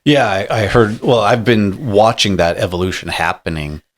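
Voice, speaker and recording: A man with a very deep voice hosts a podcast. He talks in a casual, halting way and searches for his words. His low tone stays steady and unhurried. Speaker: podcast host. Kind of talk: casual conversation.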